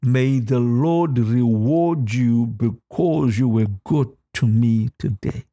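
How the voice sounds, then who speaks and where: A male pastor preaching a sermon, reading scripture aloud in a deliberate, measured way and repeating key phrases for emphasis. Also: mid-range voice, dark tone, no room sound, clean studio sound.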